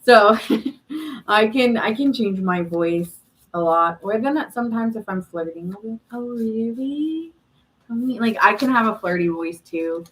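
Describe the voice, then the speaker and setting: A woman's voice: medium pitch, normal speed, rough recording. A woman hosting a live tarot reading stream, chatting casually and answering viewer comments with frequent laughs.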